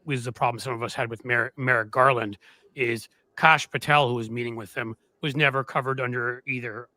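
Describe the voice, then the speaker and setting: Man, podcast host, casual political chat, sardonic, halting restarts, bright edge, dry close sound. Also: medium pitch, fairly even intonation, dry recording.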